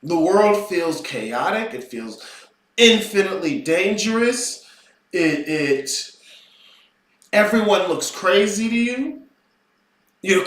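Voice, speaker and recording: A man's voice: sits high, a bit bright. A man giving an unscripted, ranting lecture as an occult teacher, profane and mocking in tone. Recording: roomy echo, voice far from mic.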